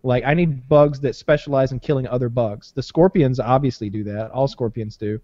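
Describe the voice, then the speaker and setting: A man's voice: medium pitch, steady tone, normal speed, mellow, no room sound. Podcast guy rambling and cussing, dull lo-fi mic. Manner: rambling, swears often, many fillers and restarts. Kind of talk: casual profane banter.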